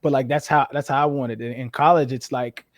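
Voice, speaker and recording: A man's voice: mid-range voice, fairly quick, no echo. Candid man telling stories, dry mic. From western United States. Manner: candid, animated storytelling with profanity. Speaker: guest, former football player. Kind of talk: casual conversational interview.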